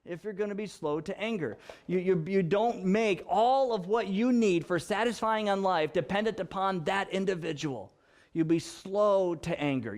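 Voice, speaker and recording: This pastor's voice is high, light, and a little mellow as he delivers a sermon to his congregation. Laughing easily, he teases the listeners while explaining word meanings one step at a time.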